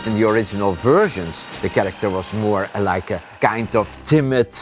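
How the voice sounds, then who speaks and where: A man's voice: on the low side, normal speed, music in the background. Stammering male director, interview. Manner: animated with repeated stammers. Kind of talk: featurette interview.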